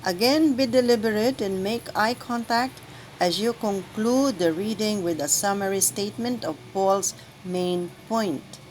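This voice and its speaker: Slow, deliberate woman lector trainer. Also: medium pitch, a little hiss or hum, rough recording. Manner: slow, deliberate, carefully enunciated. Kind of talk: instructional reading guide.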